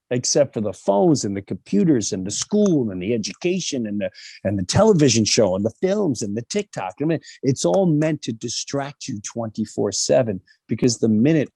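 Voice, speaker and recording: A middle-aged man telling a personal story in a candid monologue, animated and emphatic, acting out the voices of people he quotes. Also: mid-range voice, dry recording.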